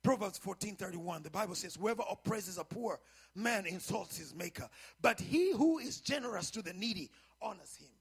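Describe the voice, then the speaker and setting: High husky guy preaching, gravelly, shouts and half-sings the big lines. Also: expressive, normal speed. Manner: preaching with rising shouts and sung phrases. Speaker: pastor. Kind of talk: sermon.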